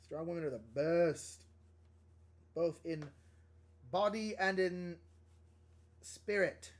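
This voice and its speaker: A man's voice: a little high, takes it slowly. A young man chatting casually on a live stream while drawing, thinking aloud and laughing often. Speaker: livestream artist.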